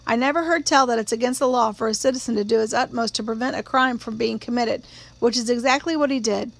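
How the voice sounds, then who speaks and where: A woman's voice: a little high, quick pace, vocal fry. A woman voicing a blunt, stubborn male small-town sheriff in his forties who talks in a plain-spoken drawl. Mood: earnest.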